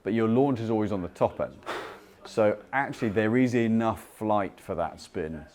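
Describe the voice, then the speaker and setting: A British man working as a club fitter, explaining launch and spin numbers to a customer in a measured way, with restarts and fillers. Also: fairly low pitch, darkish tone. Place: indoor golf fitting studio.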